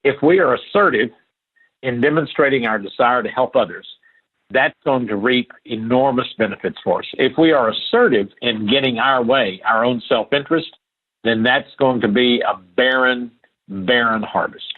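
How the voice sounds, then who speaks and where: A man's voice: medium pitch, moderate pace. An older man from Appalachia, a podcast guest telling stories in an earnest, emphatic way, repeating phrases for stress. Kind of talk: storytelling interview talk. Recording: tinny phone-like line.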